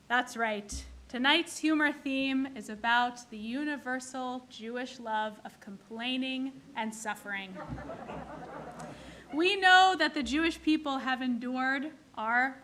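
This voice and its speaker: A woman's voice: on the high side, a little slow, bright, forceful tone. A woman from the clergy giving a sermon in a synagogue, telling jokes and acting out their characters. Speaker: clergy leading a service.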